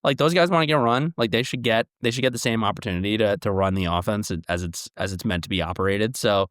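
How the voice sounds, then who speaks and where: A young man chats casually about sports on a podcast, with an excitable delivery that spikes into loud, animated bursts. His voice sits fairly low. The close mic sounds dry, with no room at all. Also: quick pace, clear, resonant tone, no room sound. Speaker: podcast co-host.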